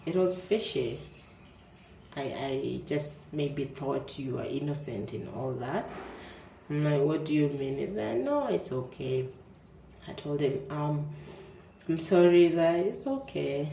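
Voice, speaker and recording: A young woman with a Kenyan accent tells a personal story in a low, mellow voice. She talks casually and animatedly, stumbling over repeated words when she gets nervous. The room is echoey, and a faint hum of ambience sits under her voice. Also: sing-song, slow pace, vocal fry, long pauses.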